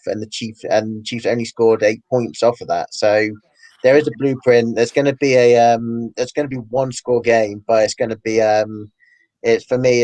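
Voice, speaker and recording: A man's voice: on the low side, darkish tone, no echo. A man on a sports chat panel, enthusiastically backing his team with stumbling restarts. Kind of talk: casual chat.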